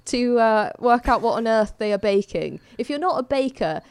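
High-voiced woman, casual chat. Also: animated, moderate pace, darkish tone, smooth, dry recording. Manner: chatty, amused, laughs often. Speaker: podcast co-host. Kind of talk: casual chat recapping a TV show.

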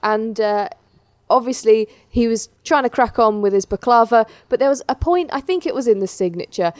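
A woman's voice: a little high, a little mellow, no echo. Co-host: woman, chatty and rambling, dry close sound. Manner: chatty and rambling, with frequent ums. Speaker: podcast co-host. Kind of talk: casual chat reviewing a baking show.

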